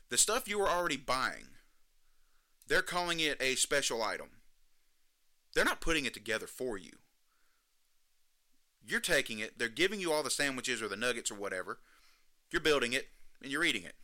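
A man hosting a solo podcast, ranting in disbelief and climbing to near-shouts as he gets worked up. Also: medium pitch, sing-song, fairly quick, pauses often. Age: adult, jokes he may be too old for social media. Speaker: podcast host.

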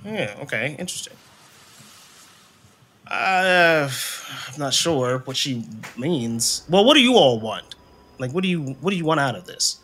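Man voicing an awkward casual male host, bright tone, hesitant, filler-heavy. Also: on the high side, sing-song, unhurried, husky, heavily acted. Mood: puzzled.

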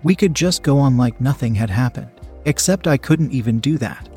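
A man's voice: mid-range voice, lively intonation, normal speed, dark tone, slightly rough, soft background music. A man narrating a first-person story in a tense, confessional way.

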